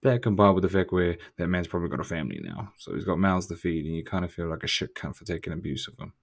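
A young adult man hosts a podcast, giving a casual motivational monologue that pushes listeners hard. He's blunt, profane, and confrontational, with a fairly low, darkish voice.

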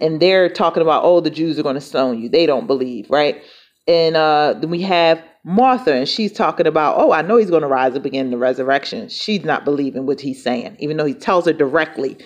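Low-voiced woman teaching scripture. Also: darkish tone. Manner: conversational, repeats "right?" and restarts phrases. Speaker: preacher. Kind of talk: podcast sermon, Bible teaching.

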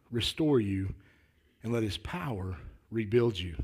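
A man preaching a sermon in a folksy, earnest way, often repeating words as he starts a thought and building to louder, emphatic declarations. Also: lowish voice, expressive, a little slow, slightly rough. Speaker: lay preacher.

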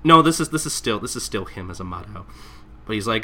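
Brief: male podcast host, casual manga recap, very bright tone, lively pitch. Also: fairly quick. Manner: animated, acts out characters in exaggerated voices.

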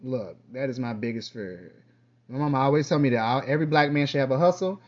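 A man hosting his own podcast in a casual, rambling monologue, with lively bursts and quiet trailing asides. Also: mid-range voice, quick pace, highs cut off. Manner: chatty, loose, drifts between topics. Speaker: podcast host.

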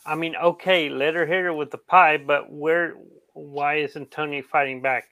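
Gravelly, hesitant man co-host. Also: fairly high pitch, steady tone, normal speed, pushed and bright, no room sound. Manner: hesitant, restarting sentences. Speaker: podcast co-host. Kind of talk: casual chat.

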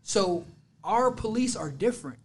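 A man in casual podcast chat, animated and arguing in quick bursts. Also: high voice, slight background noise.

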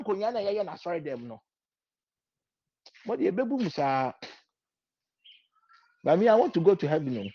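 A man's voice: high-pitched, sing-song, normal speed, long pauses, dark tone, no room sound. A man preaching a sermon, mixing in Twi and hammering lines with repetition. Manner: switching between English and Twi, repeating lines with rising emphasis. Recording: dull, lo-fi recording.

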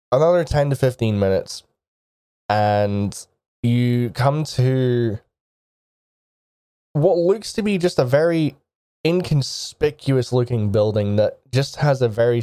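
A man's voice: medium pitch, warm tone, clear, resonant tone, no echo, clean studio sound. A man narrating a tabletop game as game master, describing scenes casually with frequent fillers.

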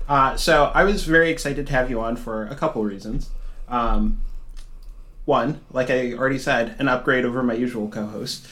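A man hosting a podcast interview. He talks casually at an average pitch, with a dry, self-deprecating edge. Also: moderate pace, sharp tone. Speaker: podcast host.

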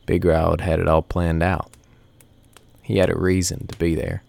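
A man tells a first-person story in an easy, folksy way. His voice is very deep and gravelly. The sound is dry and close. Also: flat delivery, moderate pace, darkish tone, no room sound.

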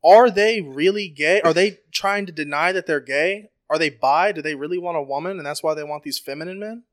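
A man co-hosting a podcast, talking in crude casual banter and laying out long questions loudly with lots of swearing. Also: on the high side, fairly quick. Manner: loud, profane, lays out questions at length. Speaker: podcast co-host.

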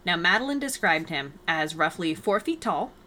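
A woman's voice: on the low side, animated, moderate pace, bright, forceful tone, slight background noise. A woman hosting a podcast in casual chat, explaining and telling stories in an upbeat way. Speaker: podcast host.

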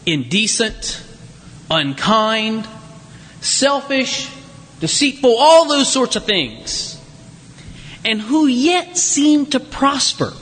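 A man pastor with a northern American accent, preaching a conversational, self-deprecating sermon whose pitch swings up on questions. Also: sing-song, extremely slow, pauses often, fairly bright tone. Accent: northern American, Yankee. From northern United States. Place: church sanctuary. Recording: church sanctuary with long reverb.

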